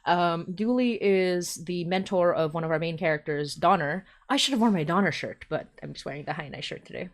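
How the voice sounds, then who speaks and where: A woman's voice: fairly low pitch, brisk, hardly any pauses. A woman hosting a podcast interview, talking casually with lots of fillers and frequent laughter. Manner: chatty, laughs often, many fillers. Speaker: podcast host.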